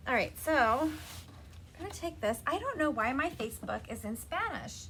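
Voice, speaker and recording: A woman's voice: high voice, very animated, moderate pace, fairly bright tone, slight background noise. A woman in her thirties giving a chatty live craft demonstration, talking to her viewers as she works. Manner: chatty, laughs often, talks to viewers by name.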